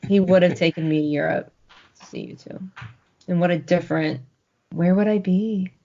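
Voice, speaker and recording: A woman's voice: lowish voice, moderate pace, gravelly. A woman in her forties, co-hosting a podcast and telling stories in a casual chat, often laughing. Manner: laughing, lively storytelling. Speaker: podcast co-host. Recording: dull lo-fi recording.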